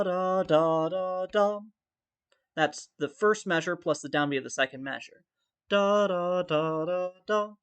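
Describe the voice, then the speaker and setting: A man teaches a recorded music theory lesson, thinking aloud through each step and singing rhythms on syllables. His voice is a little high and a bit bright.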